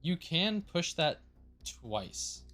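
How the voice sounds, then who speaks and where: A man's voice: fairly high pitch, sing-song, extremely slow, bright, forceful tone, soft background music. A man running a tabletop game, narrating loosely with lots of fillers and casual swearing. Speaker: game master.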